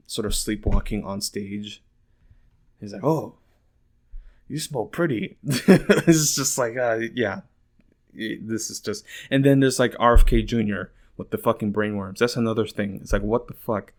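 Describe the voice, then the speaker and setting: A man hosting a casual political podcast, rambling with lots of filler words, swearing and incredulous laughter. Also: lowish voice. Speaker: podcast host.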